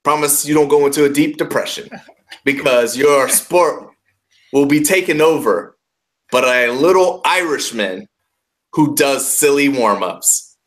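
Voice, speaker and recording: A man's voice: mid-range voice, unhurried, a bit bright. A man hosting a wrestling radio show, bantering casually and trash-talking playfully, often repeating himself. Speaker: podcast host.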